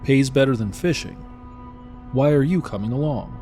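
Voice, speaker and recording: A man's voice: mid-range voice, animated, moderate pace, dark tone, soft background music, natural voice. A man doing a laid-back Jamaican working man. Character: Jamaican working man, brawny, easygoing driver.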